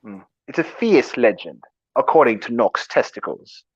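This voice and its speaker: A man's voice: medium pitch, big pitch swings, moderate pace, slightly rough, no room sound. A man chatting casually, rambling and stopping and restarting as he tries to recall lines. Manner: rambling, hesitant, stops and restarts while trying to recall lines. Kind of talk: casual chat. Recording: dull lo-fi sound.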